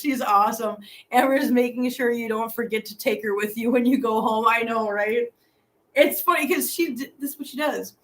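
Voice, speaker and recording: A woman's voice: fairly high pitch, a bit bright. A middle-aged woman hosting a casual live stream from a hotel room, rambling and repeating herself as she chats and reads viewer comments. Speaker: livestream host.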